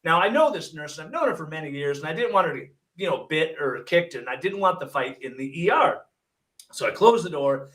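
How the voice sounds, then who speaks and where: High-voiced man telling a story from afar. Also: fairly quick, far from the mic. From Michigan. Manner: animated storyteller, acts out dialogue with wry jokes. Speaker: guest, hypnotist and paramedic. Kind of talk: casual storytelling.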